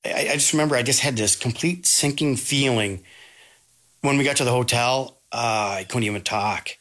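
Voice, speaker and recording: A man from Minnesota, a teacher, recalling events in an interview with a halting, restart-filled way of talking. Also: medium pitch, fairly bright tone. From Minnesota, USA. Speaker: teacher recalling a field trip. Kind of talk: interview recollection. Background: music.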